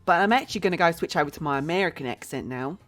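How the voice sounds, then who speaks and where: Chatty woman streamer with a lively, low voice. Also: very fast, faint music behind. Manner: chatty and blunt, talks to herself while building. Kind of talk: casual gameplay commentary.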